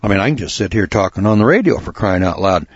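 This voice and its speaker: Folksy low-voiced radio host, husky. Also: male voice, animated, fast, no echo, dull audio. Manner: plainspoken, repeats words, gets worked up. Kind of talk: folksy storytelling monologue.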